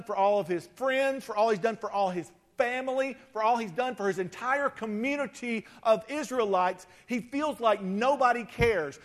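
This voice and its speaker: A man's voice: high-pitched, normal speed. A male pastor preaching a conversational sermon, often repeating words as he starts a phrase.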